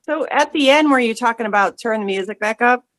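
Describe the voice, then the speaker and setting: A woman's voice: on the high side, a little fast, a bit bright, dry recording. A woman in a casual album discussion, asking curious questions. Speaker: podcast guest.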